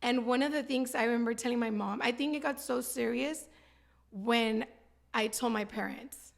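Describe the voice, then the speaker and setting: Candid and heartfelt, a thirtysomething female guest rambles through her personal story with frequent laughs. She speaks at normal speed in a voice on the high side, with vocal fry.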